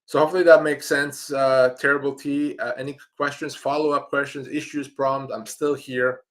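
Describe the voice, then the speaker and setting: A man's voice: mid-range voice, little pitch movement, normal speed, a bit bright. Emphatic man giving live legal advice. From Canada. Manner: emphatic, direct, repeats key points. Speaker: employment lawyer hosting a live Q&A.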